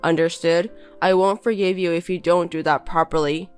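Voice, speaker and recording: A woman's voice: on the low side, fairly even intonation, normal speed, clear, resonant tone, faint music behind, close to an everyday voice. A woman voicing a contemptuous young husband who belittles and bosses his wife in a text-message story. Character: scornful insulting young husband.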